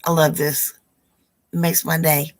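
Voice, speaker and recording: A woman hosting a live psychic Q&A stream, chatty and affectionate with her viewers, her voice hoarse and rough. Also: sits low, little pitch movement, measured pace.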